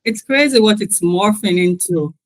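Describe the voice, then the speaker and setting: A man from Nigeria, a guest in an interview who speaks in a measured, thoughtful way with light laughs. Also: high-pitched, animated, dry recording. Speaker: guest, finance executive. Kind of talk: casual conversational interview.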